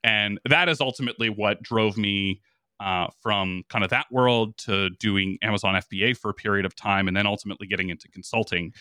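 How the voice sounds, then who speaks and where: Male podcast guest, announcer-type voice, low and punchy, energetic storyteller with lots of restarts. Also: fairly quick, no room sound, studio quality. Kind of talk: casual conversation.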